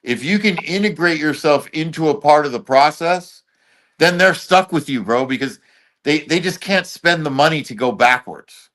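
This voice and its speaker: A man's voice: fairly high pitch, animated, normal speed, a bit bright. A man being interviewed as a guest, talking in blunt, loose street slang full of swearing. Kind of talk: casual chat.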